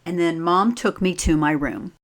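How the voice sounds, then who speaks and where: A woman reading a children's picture book aloud as a teacher, pausing to ask the listeners simple questions. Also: fairly low pitch. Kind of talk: slow read-aloud storytime with questions.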